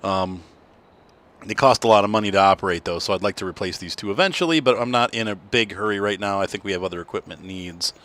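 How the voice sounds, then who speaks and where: A man's voice: fairly low pitch, expressive, fast, fairly bright tone. A tired man hosting a casual farming game playthrough, rambling and correcting himself as he talks. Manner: rambling, self-correcting, yawning. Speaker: gaming channel host.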